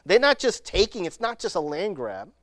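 A preacher giving a sermon, retelling scripture stories in an animated way and acting out the people in them. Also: mid-range voice, moderate pace, dry recording, clean studio sound. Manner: animated storytelling, acting out the scenes.

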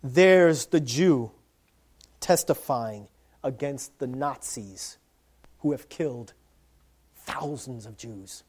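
A man preaching a sermon, animated, swinging from loud emphasis to quiet low asides and acting out little scenes. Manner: animated, acts out voices of dads and kids. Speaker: pastor.

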